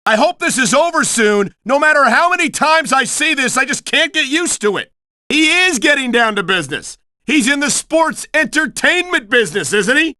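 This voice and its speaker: A middle-aged man calling play-by-play for a wrestling video game, earnest and excitable, a bit prim and scolding. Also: very high-pitched, normal speed, dry recording, studio quality. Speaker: play-by-play commentator.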